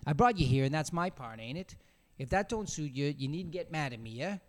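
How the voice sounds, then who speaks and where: A man's voice: a little high, lively intonation, brisk, natural voice. A man voicing a drunken, sly beggar who pleads in a coaxing, self-pitying way with drunken dignity. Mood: pleading.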